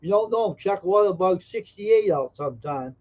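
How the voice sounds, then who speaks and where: A man's voice: high-pitched, expressive, moderate pace, highs cut off. Brash joking man streaming live. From Massachusetts. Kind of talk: casual live stream chat with viewers.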